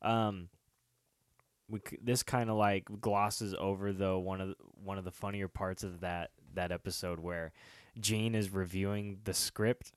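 A man's voice: low-pitched, fairly even intonation, measured pace, clean tone, no echo. A man hosting a casual chat, reading out episode summaries and joking, with frequent swearing and laughter. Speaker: podcast host.

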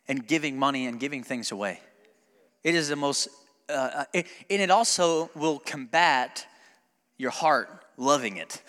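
A man's voice: a little high, sharp tone, long reverb tail. A male pastor preaching a sermon in a conversational, joking way that builds to emphatic preaching, recorded in a church sanctuary.

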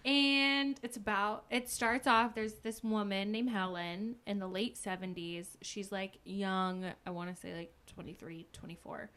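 A young woman co-hosting a podcast recaps a book in a casual chat, retelling it animatedly, acting out the characters' lines and saying "like" a lot. Her mid-range voice is clear and resonant, a little slow with few pauses.

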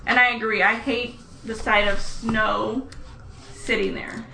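A woman's voice: fairly high pitch, fairly even intonation, a little slow, gravelly, noisy background. A woman co-hosting a casual chat, talking in a chatty way and reading listener replies aloud. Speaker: podcast co-host. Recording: echoey room, distant from mic.

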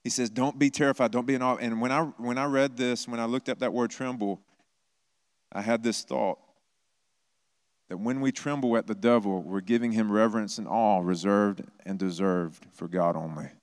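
A middle-aged pastor delivers his sermon in a loose, conversational manner, slipping into quick impressions for the stories he tells. His voice sits on the low side. The sound is dry and close to the mic. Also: steady tone, clean tone, no echo. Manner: conversational, acts out quoted voices, self-deprecating humor.

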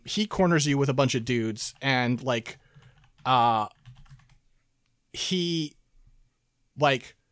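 A man in casual chat, recapping a game's story with lots of fillers, laughs and quick quoted asides. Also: mid-range voice, a bit bright, dry recording, studio quality. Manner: rambling, laughing, quoting characters in quick asides. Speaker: podcast co-host recapping a game.

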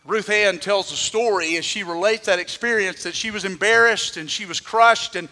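Pastor, male, high bright voice, dramatic sermon delivery, long church-hall reverb. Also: normal speed. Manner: preaching with dramatic shifts, acting out quoted voices.

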